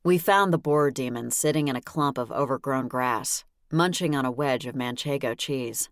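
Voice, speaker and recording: Brief: woman, deep voice, wry first-person audiobook read, dry booth sound. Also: moderate pace, no room sound. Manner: wry, lively storytelling. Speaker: audiobook narrator.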